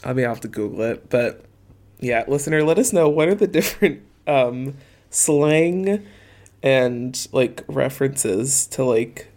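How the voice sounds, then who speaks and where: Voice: mid-range voice, animated, a little slow, a little mellow. A podcast co-host talking in a rambling, casual way with many fillers. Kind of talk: casual chat.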